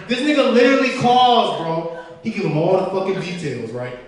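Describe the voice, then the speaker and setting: Young male stand-up comic, high-pitched and profane, recorded from afar in a very echoey room. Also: sing-song, a little fast. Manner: profane, storytelling, acts out friends' voices. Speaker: stand-up comedian. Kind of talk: stand-up comedy set. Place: small indoor venue. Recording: echoey room picked up from a distance.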